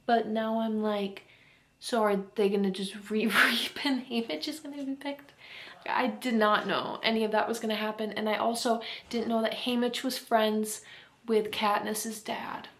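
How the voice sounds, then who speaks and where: Higher-voiced woman chatting in a hush. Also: steady tone, normal speed. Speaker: book vlogger. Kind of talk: casual reading vlog chat.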